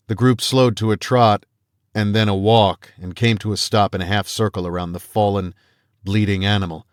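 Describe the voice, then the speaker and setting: A man reading a first-person fantasy audiobook aloud in a measured storytelling manner, voicing the characters he quotes. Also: fairly low pitch, fairly even intonation, smooth, no room sound, studio quality. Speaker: audiobook narrator.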